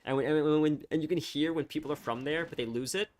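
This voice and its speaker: A young man chatting casually on a live stream, rambling and halting, full of fillers and restarts. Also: a little high.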